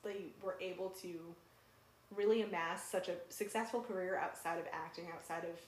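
A woman's voice: lowish voice, steady tone, fairly quick, slight background noise. A young woman co-hosting a podcast in casual, chatty talk, with frequent fillers and laughs. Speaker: podcast co-host. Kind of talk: casual chat. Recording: roomy echo.

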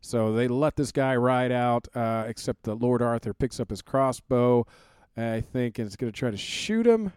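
Easygoing podcast co-host retelling a movie. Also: male voice, mid-range voice, animated, moderate pace, a little mellow, smooth, dry recording, studio quality. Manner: retells the plot loosely, with swearing and acted-out lines. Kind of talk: casual movie-discussion chat.

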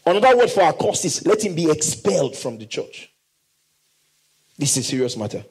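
A man preaching a sermon, reading scripture slowly and emphatically and leading the congregation in call and response. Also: fairly high pitch, sing-song, darkish tone, slightly rough, poor audio. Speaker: pastor.

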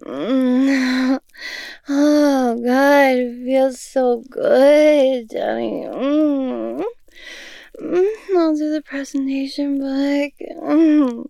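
A woman playing a breathy, pleading young student. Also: high voice, steady tone, very slow, warm tone, no echo, studio quality, heavily acted.

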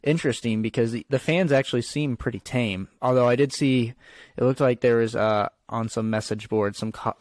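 A man's voice: mid-range voice, steady tone, moderate pace, no echo. A man co-hosting a podcast, chatting casually about football with lots of fillers and restarts. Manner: rambling, filler-heavy. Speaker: podcast co-host. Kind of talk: casual sports chat.

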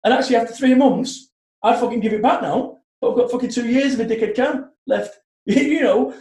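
A man's voice: very high voice, brisk, reverberant. A man in his forties, a motivational speaker, telling stories bluntly and with plenty of swearing. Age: 40s. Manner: blunt, sweary, animated storytelling. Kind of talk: podcast conversation.

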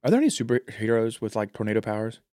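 A man with a Southern American accent co-hosting a podcast in casual chat, loose and profane, joking around and now and then breaking into loud mock voices. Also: on the low side, very animated, racing, no room sound, clean studio sound. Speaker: podcast co-host.

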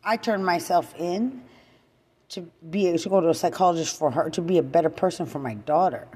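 A woman in an angry unscripted rant, profane and repetitive, swinging from loud outbursts to low muttering. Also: a little fast, husky, in a large hall. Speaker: mother venting to camera.

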